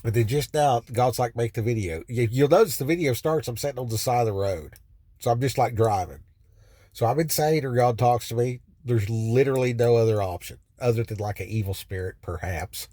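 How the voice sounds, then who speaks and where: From a car by the side of the road, a vlogger rambles through his personal story in a warm, mid-range voice, talking a little fast. He swears openly and keeps restarting and circling back with fillers, and there's no room sound.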